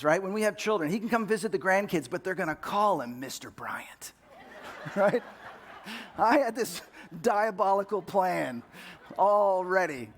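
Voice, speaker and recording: A young man with a fairly high voice tells a personal family story in an earnest testimony style. He voices the quarrels he retells with rising force and laughs softly at his own past. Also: moderate pace. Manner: earnest and animated, acts out quoted arguments with raised voice, laughs at himself. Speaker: speaker sharing a personal story.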